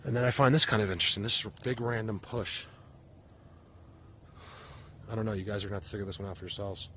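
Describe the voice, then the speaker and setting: A man walks a mountainside with his camera and talks to his viewers with eager, breathless energy. His voice sits fairly low, and clear outdoor noise runs under everything he says. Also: fast. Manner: animated, talks to viewers while filming. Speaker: vlogger. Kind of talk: excited outdoor vlog narration.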